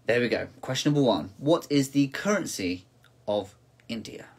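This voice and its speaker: Husky-voiced man hosting a casual quiz. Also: mid-range voice, expressive, normal speed, darkish tone. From United Kingdom. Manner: chatty, repeats each question several times, laughs at himself. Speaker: quiz host.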